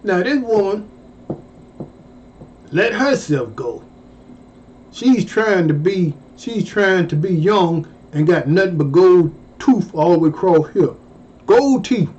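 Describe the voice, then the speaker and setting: Brief: slow-talking man with a high voice, profane storyteller who bursts into loud yelps, dull lo-fi recording. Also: expressive. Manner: exclaims loudly, jumping high in pitch and swearing. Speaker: storyteller vlogger. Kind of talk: casual profane storytelling monologue.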